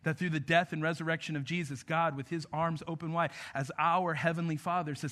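A man preaching a sermon to parents, earnest, moving between emphatic lines and soft, intimate passages. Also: a little high, fairly even intonation, a little fast, few pauses. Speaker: pastor.

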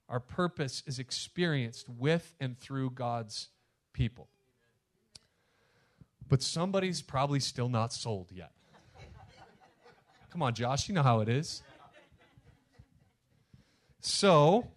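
A pastor, a man with a voice on the high side, preaches a sermon and addresses his congregation directly and emphatically. He swings between loud, punchy lines and hushed asides.

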